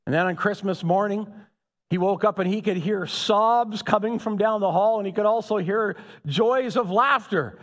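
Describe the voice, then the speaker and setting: A man's voice: high voice, moderate pace. A man preaching a sermon, calling out to the congregation to ask for their agreement. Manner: animated, calls out to the congregation. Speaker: pastor. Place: church. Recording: echoey hall.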